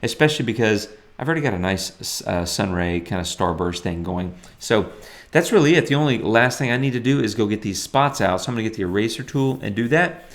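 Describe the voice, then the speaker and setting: Relaxed man talking through photo edits. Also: on the low side, fairly quick. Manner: relaxed, thinking aloud with many fillers and restarts. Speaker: photography tutor. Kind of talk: screen-recorded editing tutorial.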